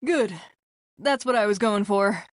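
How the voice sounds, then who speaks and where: A woman voicing a confident, charming young man in a calm, even delivery, in a storybook reading. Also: medium pitch, unhurried, dry recording, clean studio sound, lightly acted. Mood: friendly.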